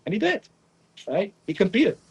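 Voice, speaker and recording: A man's voice: high voice, normal speed, gravelly, breathy edge, lo-fi sound. Young guy from around naples telling a story, keeps saying right?, acts out what people said. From Naples area, Italy. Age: young adult. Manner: animated, acts out quotes, frequent "right?" tags. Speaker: pizza chef guest. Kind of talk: casual interview storytelling.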